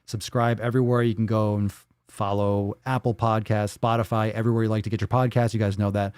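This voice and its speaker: A man's voice: on the low side, level tone, fast, a little mellow, clean tone, no echo. A man hosting a casual livestream podcast, joking around playfully with crude humor and hyped catchphrase sign-offs. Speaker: podcast host.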